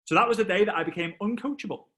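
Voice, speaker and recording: A man, a motivational speaker telling a story on stage, animated and acting out voices and sound effects. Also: high voice, racing.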